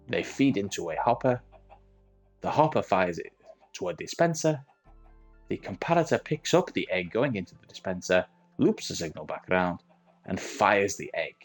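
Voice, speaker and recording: A man narrates a game tutorial, laying out each part in methodical order. His voice sits on the low side yet swings widely in pitch, and his put-on accent drifts as he goes. Soft music plays faintly behind him. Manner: methodical step-by-step explaining; self-admittedly wandering put-on accent. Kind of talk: tutorial voice-over.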